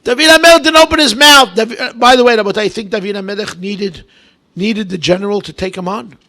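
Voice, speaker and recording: A man preaching as a rabbi, telling stories in an animated way, swinging between loud bursts and hushed asides, with Hebrew and Aramaic terms mixed in. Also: high voice, fast talker. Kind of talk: storytelling sermon.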